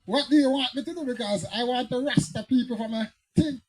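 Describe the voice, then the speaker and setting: A man's voice: extremely high pitch, fairly quick, slightly rough, rough recording. A man with a Jamaican accent, preaching as a pastor and telling stories that climb into fiery, emphatic outbursts. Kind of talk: preaching Bible teaching.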